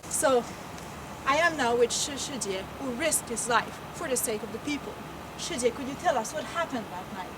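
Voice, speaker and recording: High-voiced woman anchoring a mock news show. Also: expressive, moderate pace, background noise. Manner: bright, scripted anchor delivery.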